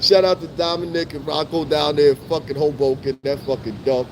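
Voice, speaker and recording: A man's voice: fairly high pitch, little pitch movement, normal speed, noisy background. A middle-aged man chatting loosely to his live-stream viewers on a city street, full of swearing and laughter. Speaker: livestream host.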